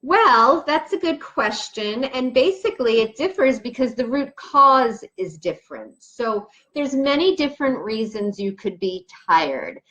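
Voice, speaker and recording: A woman's voice: a little high, big pitch swings, measured pace, few pauses, a bit bright, dull audio. A woman naturopathic doctor giving an explanatory health talk to camera, chatty and emphatic, working through questions from her notes.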